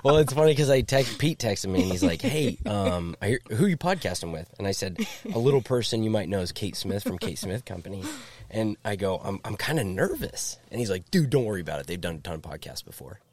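A man's voice: lowish voice, big pitch swings, fairly quick, darkish tone. A man hosting a podcast in a casual chat, self-deprecating and laughing easily. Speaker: podcast host.

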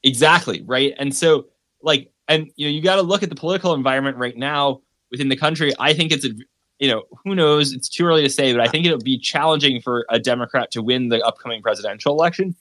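A man's voice: medium pitch, fast, sharp tone, dry recording. A man speaking in a casual panel discussion, with frequent "like" and "you know" fillers. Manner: casual, many likes and fillers.

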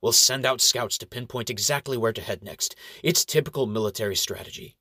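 A man's voice: mid-range voice, fairly quick, bright, forceful tone, dry recording. A tall, arrogant ranger who has no patience for anyone, as a man puts him on. His lines come out clipped and dismissive, in a dry, close voice with no room sound. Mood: brusque. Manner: brusque, dismissive. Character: tall muscular male ranger, arrogant and impatient.

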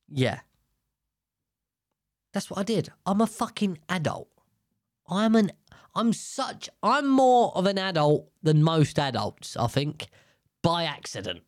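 A man's voice: fairly high pitch, sing-song, a little slow, pauses often, no room sound, clean studio sound. Rambling guy telling stories. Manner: rambling, swearing, self-mocking. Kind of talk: casual storytelling monologue.

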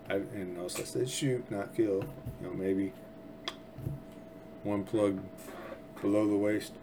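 A man's voice: lowish voice, background noise. Sarcastic, rambling sounding man. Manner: rambling, sarcastic, restarts often. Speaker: podcast host. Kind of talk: casual political commentary.

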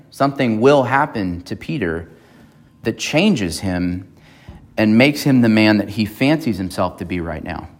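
A man, a pastor, preaching a sermon in a conversational way and often checking in with his congregation. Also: lowish voice. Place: church.

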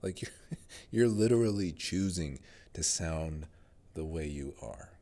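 A man's voice: low voice, expressive, unhurried, warm tone. A man with a General American accent, rambling through a casual solo monologue as a podcast host. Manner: rambling, musing, many fillers and restarts.

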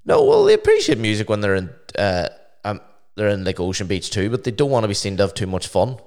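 A man's voice: lowish voice, huge pitch swings, fast talker, gravelly, a little mellow. A man chatting casually on a podcast, blunt and sweary. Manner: blunt, sweary, laid-back. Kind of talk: casual chat.

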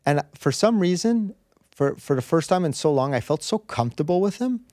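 A man's voice: a little high, lively intonation, a little fast, a little mellow, no echo, clean studio sound. A man as a podcast guest, telling a personal story in an earnest, rambling way with many restarts. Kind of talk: candid storytelling in conversation.

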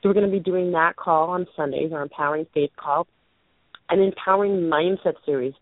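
A hoarse woman in her late twenties is losing her voice while co-hosting a call-in show, making a casual announcement in an earnest, rambling way, clearing her throat and restarting sentences. Her pitch is fairly low and her pace fairly quick. The audio is a thin, tinny phone line with no room sound around it.

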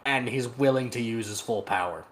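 A man's voice: mid-range voice, moderate pace, slight background noise. A man co-hosting a podcast, retelling a story in casual chat, swearing freely and laughing as he goes, recorded over a remote call. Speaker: podcast co-host. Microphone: remote call microphone.

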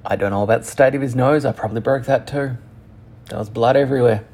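A young man telling a personal story frankly and profanely, halting often with restarts. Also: mid-range voice, darkish tone. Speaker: channel host.

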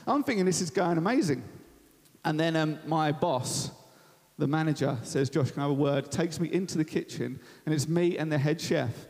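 A man's voice: a little high, expressive, moderate pace, a little mellow. A young man from Kent, preaching a sermon in a large church venue and telling stories in a chatty, self-deprecating way. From Thanet, Kent, England. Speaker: guest preacher. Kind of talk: sermon with personal storytelling. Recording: long reverb of a church hall.

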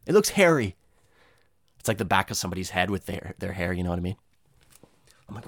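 Rambling, profane young man with a lively voice. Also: brisk, pauses often, no echo, clean studio sound. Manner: rambling, profane, animated, jumps into high-pitched voices for quoted people. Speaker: comedian. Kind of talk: comedic monologue.

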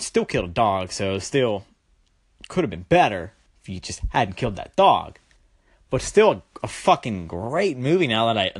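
A young adult vlogger casually recapping a horror movie in a rambling, profane, slangy way. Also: medium pitch.

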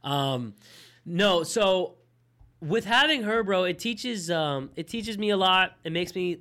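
A young man co-hosts a podcast, bantering loosely and swearing as he chats casually with his friend. His voice sits high and sounds pushed and bright, expressive yet slow.

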